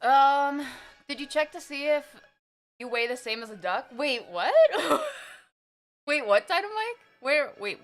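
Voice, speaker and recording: A woman streaming live, chatting casually with viewers and reading their messages, excitable and laughing often while she eats. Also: high-pitched, normal speed.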